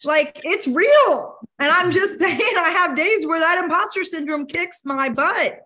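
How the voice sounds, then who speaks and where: A woman giving a motivational talk to a business networking group, energetic and candid, with casual swearing. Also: very high voice, unhurried. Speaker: motivational speaker. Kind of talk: conversational keynote talk.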